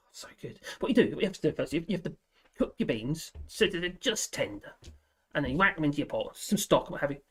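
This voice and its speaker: A man rambles through a relaxed live-stream chat, his voice pitched a little high. He laughs often, drifts from topic to topic and lets his sentences trail off as he reads viewer comments. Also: quick pace, breathy edge. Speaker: livestream host.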